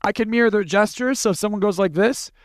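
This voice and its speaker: A man's voice: high-pitched, fast talker, no room sound. A young man giving a casual seminar talk to an audience, blunt and profane, telling stories and acting out what people said. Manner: blunt, profane, storytelling with acted-out quotes. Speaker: speaker teaching a live audience.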